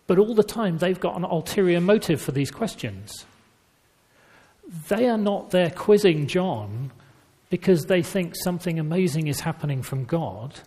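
In a reverberant church hall, a man with a high-pitched voice preaches at a moderate pace. His sermon is told conversationally, like a story, with lively emphasis.

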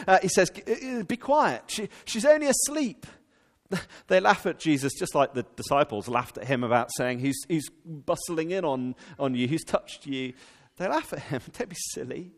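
Animated preacher in a reverberant hall. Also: male voice, on the high side. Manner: animated, with frequent fillers and restarts. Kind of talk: sermon. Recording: long reverb from a large hall.

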